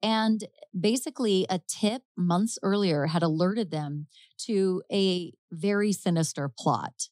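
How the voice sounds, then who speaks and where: A woman hosting a podcast, casually telling a true-crime case, chatty and quick to laugh as she acts out quotes. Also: lowish voice, darkish tone, dry recording. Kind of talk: casual storytelling chat.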